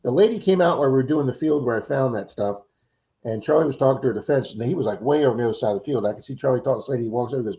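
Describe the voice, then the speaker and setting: Male host, casual livestream talk, lively storyteller, dull lo-fi sound. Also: mid-range voice, rapid-fire. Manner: animated storyteller, acts out quoted voices. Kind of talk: casual chat. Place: Florida.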